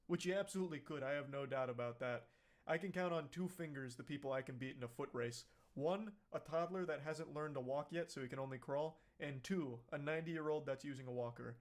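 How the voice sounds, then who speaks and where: A man's voice: fairly high pitch, brisk. A man giving sarcastic, mocking reaction commentary on a video clip. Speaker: commentary YouTuber.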